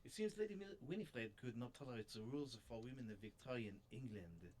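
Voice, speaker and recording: A man voicing a formal gentleman in a mock French accent that drifts toward German, read in a stiff, theatrical way. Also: mid-range voice, animated, brisk, a little hiss or hum, natural voice. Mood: earnest.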